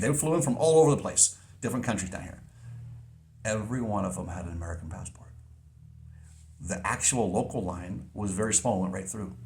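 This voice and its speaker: A man's voice: lowish voice, fairly quick, a little mellow. A man vlogging in a casual monologue, telling a story in an earnest, emphatic way.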